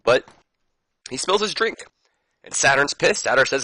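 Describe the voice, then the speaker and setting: Brief: low-pitched man, bright tone, dry close mic, casual rambling game commentary. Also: lively intonation, brisk, no room sound. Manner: rambling, self-amused asides. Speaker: gaming YouTuber.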